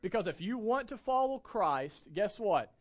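A young adult male pastor delivering a sermon in a notably high voice. He preaches with emphasis and keeps turning to the congregation with rhetorical questions. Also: big pitch swings, normal speed.

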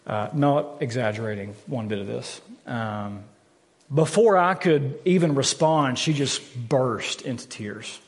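Speaking at a measured pace with a medium-pitched voice, a man in his thirties preaches from a church sanctuary. The pastor is candid and earnest, repeating words as he emphasizes points, with long hall reverb around him.

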